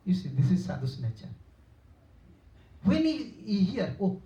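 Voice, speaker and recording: A man's voice: sits high, measured pace, lo-fi sound. Older man preaching in a distant, echoey hall. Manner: simple non-native English, repetitive, animated when quoting characters. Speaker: spiritual teacher giving a lecture. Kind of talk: storytelling sermon. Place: temple hall.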